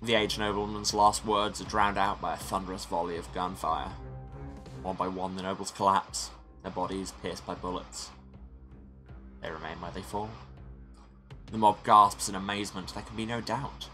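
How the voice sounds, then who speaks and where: Bright-voiced man, wry game commentary. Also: sits low, steady tone, normal speed, soft background music. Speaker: let's play host. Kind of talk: reading game text and commenting.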